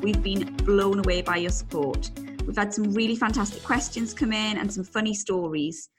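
A woman's voice: medium pitch, steady tone, moderate pace, over music. A woman hosting a podcast, chatting in a friendly, upbeat way and laughing along with her co-host. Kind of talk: casual chat.

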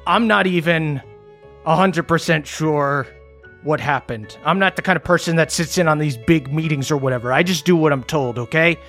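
A man's voice: on the high side, normal speed, fairly bright tone, soft background music. A man voicing a scared, hot-tempered male mercenary in a ram helm who swears and talks defensively.

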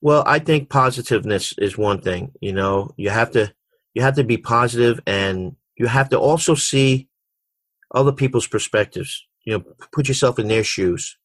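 A man's voice: medium pitch, moderate pace, a bit bright, dry recording. A middle-aged man, a basketball coach, answering interview questions with frequent restarts and repeated words. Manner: repeats words and restarts often, tells anecdotes.

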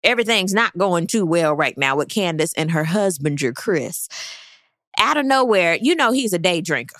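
Sassy animated woman recapping. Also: normal speed, no room sound, studio quality. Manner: sassy, blunt, animated, swings into high mock voices. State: pregnant. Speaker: reality TV recap host. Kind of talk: casual recap chat.

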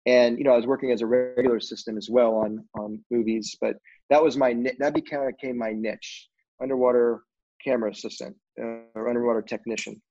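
A man's voice: mid-range voice, steady tone, brisk, mellow. A middle-aged man from film crews, casually telling a rambling story full of "you know" fillers. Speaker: film crew guest. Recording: dull lo-fi recording.

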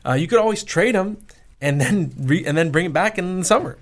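A man's voice: high-pitched, animated, fairly quick. A man in his thirties co-hosting a sports podcast, giving opinionated takes with frequent self-corrections. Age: 30s. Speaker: podcast co-host. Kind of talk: casual sports talk.

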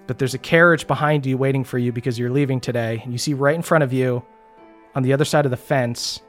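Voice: mid-range voice, steady tone, fast, faint music behind. A game master narrating a tabletop game in a casual manner, laughing and swearing freely.

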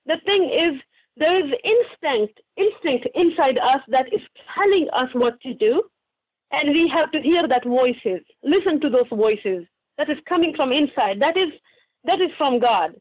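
A young woman speaks in a high, earnest voice, circling back and restarting as she searches for words. Her voice comes through a thin, phone-like line. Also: animated, a little slow. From Pakistan. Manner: earnest, heartfelt, with frequent restarts. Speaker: guest author. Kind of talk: interview answers over a remote line.

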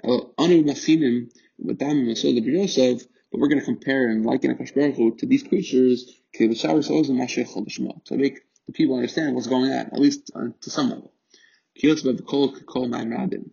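Gravelly man teaching a Torah text. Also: medium pitch, fairly quick, dark tone. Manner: reads Hebrew then explains in English, with fillers and restarts. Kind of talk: text study lesson, translating Hebrew line by line. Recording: muffled lo-fi recording.

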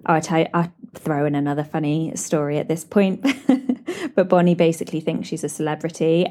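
A British woman hosting a podcast, telling animated stories with lots of laughs. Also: low voice. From Britain. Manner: animated storytelling with frequent laughs and "like". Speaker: podcast host. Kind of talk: chatty solo podcast catch-up.

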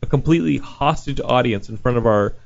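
A man hosting a podcast, telling convention stories in casual chat, acting out the people he quotes in loud voices. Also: mid-range voice, fairly quick, gravelly, highs cut off. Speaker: podcast host.

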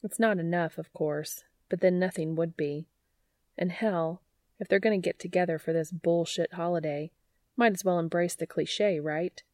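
A woman narrating a story in an unhurried, even reading voice. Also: on the low side, dry recording, studio quality. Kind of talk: audiobook narration.

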